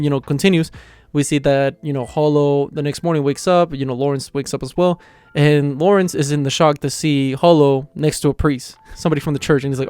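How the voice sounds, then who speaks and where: A man's voice: on the high side, fairly even intonation, a little fast, darkish tone, clear, resonant tone, no room sound, soft background music. A man casually reviewing an anime episode, retelling the plot in a loose, chatty way.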